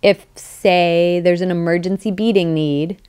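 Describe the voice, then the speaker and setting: A woman voicing a smug, cynical young male clone who lives as a stoner, with a sardonic, deadpan delivery. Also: on the low side, measured pace, clean tone, close to an everyday voice.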